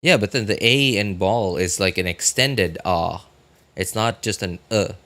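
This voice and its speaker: A man's voice: deep voice, a little slow, bright, forceful tone. A young man chatting casually with viewers while streaming a game, rambling with lots of fillers. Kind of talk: casual live-stream chat.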